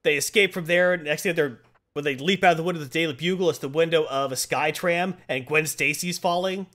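A man's voice: on the high side, a little fast, sharp tone. A man hosting a casual chat, retelling a comic plot and acting out the quotes as he goes. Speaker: podcast host.

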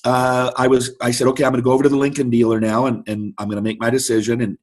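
Here a middle-aged guest speaker with a medium-pitched voice talks rapid-fire. Recounting an animated anecdote in an interview, he imitates the voices of the people he's quoting.

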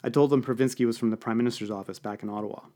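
A man's voice: mid-range voice, steady tone, rapid-fire, dark tone, close to an everyday voice. A man voicing a confident, gossipy woman lobbyist who hosts a party. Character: woman lobbyist party host, knowing and chatty.

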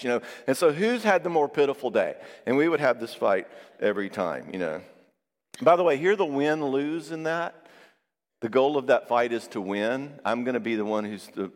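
A middle-aged man giving a sermon on marriage, acting out quotes with lively storytelling and checking in with his listeners. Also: mid-range voice, normal speed. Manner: animated storytelling with acted-out quotes; engages audience with frequent "all right?" asides. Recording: long hall reverb.

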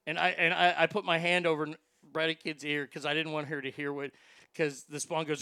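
A man casually telling a story on a chat show, animated and profane, jumping from loud bursts to hushed asides. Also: a little high, brisk, vocal fry, clear, resonant tone, no room sound.

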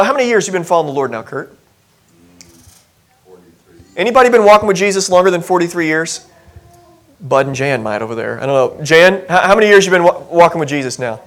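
A man's voice: high voice, fairly bright tone. A male pastor giving a conversational sermon, chatty and self-deprecating, asking the congregation questions. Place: church sanctuary.

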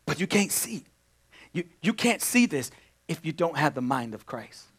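A male pastor preaching a sermon, swinging between loud exclamations and hushed asides, addressing the congregation directly and repeating phrases. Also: a little high, very animated, normal speed, slightly rough.

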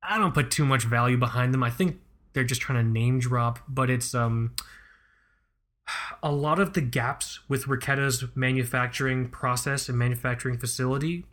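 A man's voice: medium pitch, fairly bright tone. A young adult man hosting a podcast, talking in a rambling, casual, profane way and often correcting himself. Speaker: podcast host.

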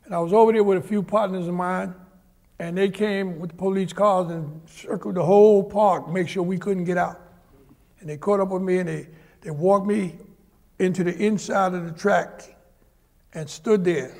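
A man's voice: high voice, steady tone, normal speed, creaky, a little mellow. An older man from Harlem, a guest telling vivid stories on stage at a live event in a large auditorium and acting out the people in them. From Harlem, New York. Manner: vivid anecdotal storyteller, acts out the people in his stories. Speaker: guest, former Olympic sprinter. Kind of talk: storytelling on stage.

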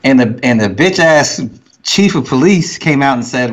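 A man in casual chat, telling stories at an unhurried pace and swearing now and then. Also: mid-range voice, lively intonation. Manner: unhurried storyteller, profane.

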